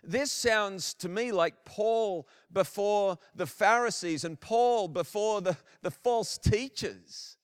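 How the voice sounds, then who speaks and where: A man preaching a sermon as a minister, earnest and animated, often restarting his phrases. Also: high-pitched, takes it slowly, few pauses, smooth, dry recording, clean studio sound.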